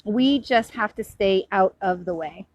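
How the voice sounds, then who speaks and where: A woman's voice: medium pitch, measured pace, darkish tone. A middle-aged woman, a psychic medium, talking casually and earnestly in a rambling, reassuring way about spiritual matters. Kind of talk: casual spiritual talk to camera.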